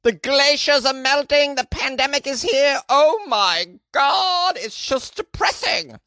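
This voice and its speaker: A man's voice: very high voice, expressive, unhurried, sharp tone, no echo, clean studio sound, pitched above the performer's own voice, heavily acted. A man putting on a put-on British comedy accent as a theatrical doom-monger who wails over bad news. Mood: wailing. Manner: overwrought, wailing.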